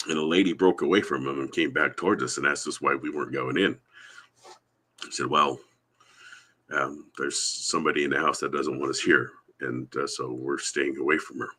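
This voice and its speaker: A man's voice: rumbling low, fairly even intonation, normal speed, bright, forceful tone, slightly rough. A man from the Yakama Reservation in Washington, telling a long rambling story as a podcast guest over a remote call. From Yakama Reservation, Washington, USA. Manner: rambling anecdotal storytelling, acts out quoted voices. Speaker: guest, Sasquatch researcher. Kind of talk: storytelling in a live podcast interview.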